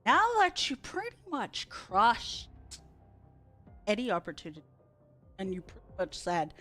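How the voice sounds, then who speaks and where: A woman's voice: medium pitch, sing-song, slow, fairly bright tone, soft background music. A young woman streaming a story game, reading its text aloud and reacting bluntly and sarcastically, with frequent swearing. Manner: blunt, sarcastic, swears freely at the game's choices.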